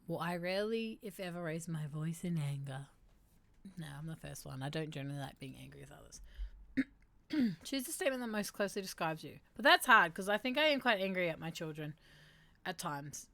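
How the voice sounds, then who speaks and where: A woman's voice: on the low side, animated, fairly quick, gravelly, bright, forceful tone, no echo. A woman hosting a casual livestream, reading quiz statements aloud and adding wry asides to her viewers. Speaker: livestream host.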